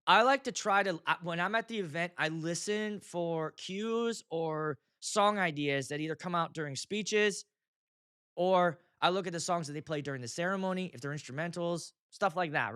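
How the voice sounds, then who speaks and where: A man hosting his own show, telling wedding DJ stories in a casual chat. He is animated, laughs often and acts out how the crowd reacts. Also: a little high, clean tone, no echo, clean studio sound.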